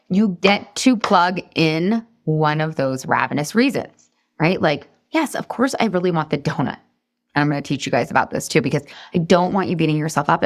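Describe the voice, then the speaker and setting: A woman in her forties, a weight loss coach, teaching a live online class in an energetic, chatty, encouraging way that jumps into high excited outbursts.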